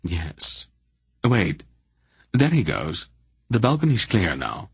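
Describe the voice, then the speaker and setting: A man reading an audiobook, voicing a small, quick-witted thief who speaks in low, watchful whispers. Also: huge pitch swings, creaky, breathy edge, dry recording, exaggerated voice.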